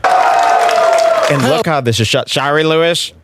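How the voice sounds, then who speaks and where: A man hosting a comedy podcast, mocking a stand-up clip with sarcastic commentary and sudden loud impressions. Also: on the high side, slow, a loud crowd, very noisy. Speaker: podcast host.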